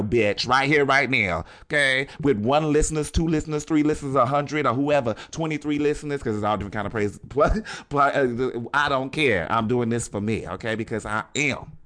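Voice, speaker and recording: A man hosts a casual motivational podcast monologue, blunt and profane, and he keeps checking in with "okay?". His voice is smooth and clear and sits at an ordinary middle pitch. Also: bright, forceful tone. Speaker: podcast host.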